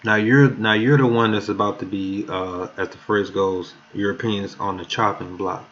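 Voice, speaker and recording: A man's voice: lowish voice, fairly even intonation, normal speed, a bit bright, slight background noise. A man preaching a sermon who reads verses aloud with emphasis and stumbles over words now and then. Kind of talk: sermon with scripture reading. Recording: muffled lo-fi recording.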